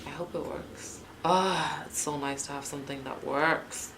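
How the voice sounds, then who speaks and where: A woman's voice: deep voice, steady tone, measured pace, noisy background. A young woman chatting and swearing freely as she vlogs herself fixing something. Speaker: vlogger. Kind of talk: casual vlog narration while working.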